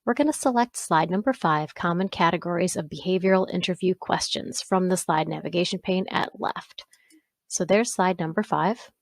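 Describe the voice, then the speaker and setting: A woman instructor talking through a software exercise step by step, pausing to correct herself along the way. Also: on the low side, no room sound. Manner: step-by-step, self-correcting with small asides. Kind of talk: screen-recorded software walkthrough.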